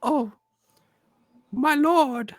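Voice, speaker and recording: A man's voice: very slow, no echo, clean studio sound, heavily acted. A man voicing a frightened little boy who begs to keep his pet bird safe. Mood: hushing. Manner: high, pleading, sweet.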